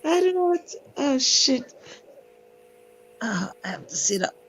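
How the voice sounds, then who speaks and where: A woman's voice: sits high, very animated, measured pace, a bit bright, a little hiss or hum. Giggly woman on a live stream. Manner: giggly, playful, stumbles for words. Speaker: panel participant. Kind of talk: casual live-stream chat. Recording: slightly dull lo-fi audio.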